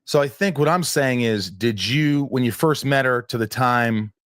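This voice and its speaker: A man's voice: medium pitch, moderate pace, fairly bright tone, no echo, clean studio sound. A man telling a personal story in an interview, rambling and restarting often as he acts out what people said.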